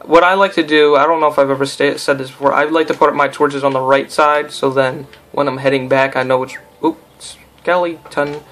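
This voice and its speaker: A man's voice: on the high side, fairly even intonation, brisk, fairly bright tone. Rambling young man playing a game. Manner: rambling, goofy, talks to himself and the game. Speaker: gameplay commentator. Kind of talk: casual let's-play commentary.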